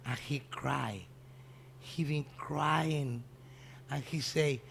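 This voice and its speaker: Man, Spanish speaker, fairly high voice, halting English, storytelling guest, faint noise behind. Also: steady tone, creaky, a bit bright. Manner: halting, non-native English with frequent restarts, acts out the dialogue he quotes. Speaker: restaurant owner, interview guest. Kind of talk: anecdotal storytelling in an interview.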